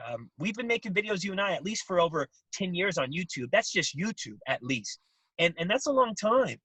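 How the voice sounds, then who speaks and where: Male guest, bright and slightly husky, energetic anecdotal delivery, dry room. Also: high voice, a little fast, dry recording, poor audio. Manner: animated storytelling, acts out voices, many restarts. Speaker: interview guest. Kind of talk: casual interview.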